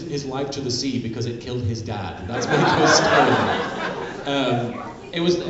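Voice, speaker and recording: A man answering audience questions at a convention panel, talking in a candid, halting, self-deprecating way. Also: mid-range voice. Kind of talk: live Q&A panel talk. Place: large convention hall. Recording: echoey, dull convention hall sound. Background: audience murmur.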